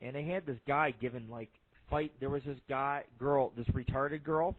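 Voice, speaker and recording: A man's voice: mid-range voice, fairly even intonation, moderate pace, a little hiss or hum. Profane man on a tinny line. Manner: profane, rambling, lots of fillers. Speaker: internet radio host. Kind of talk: crude joke-telling monologue. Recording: phone-like lo-fi line.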